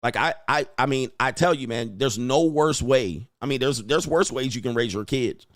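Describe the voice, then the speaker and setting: A man's voice: mid-range voice, moderate pace, dry recording, clean studio sound. A man hosting a livestream commentary show, talking bluntly and emphatically and repeating his points for weight. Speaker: host.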